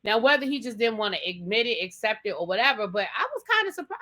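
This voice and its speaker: A woman with a bright, forceful voice gives a casual recap of a TV episode. She talks chattily and dramatically, as if sharing gossip. She often calls the listener "baby". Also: mid-range voice, very animated, a little fast. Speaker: TV review host.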